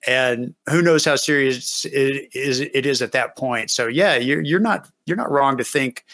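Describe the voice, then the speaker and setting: A man's voice: medium pitch, a little slow, fairly bright tone. A man hosting a casual interview, reassuring the guest in short, plain remarks. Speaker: host.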